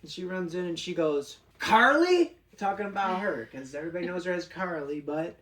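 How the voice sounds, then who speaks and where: A woman guest on a podcast telling a story in a brash, profane way, getting loud when she acts out the scene. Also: lowish voice, fairly even intonation, quick pace, far from the mic. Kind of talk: casual storytelling. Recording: roomy, off-mic with faint ambience.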